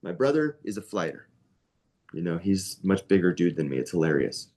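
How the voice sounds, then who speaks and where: A young man with a fairly low voice leads a yoga training class. He talks casually and conversationally, stopping often to check in with his students. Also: big pitch swings, brisk, darkish tone. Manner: casual, conversational, with many asides and "right?". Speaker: yoga teacher.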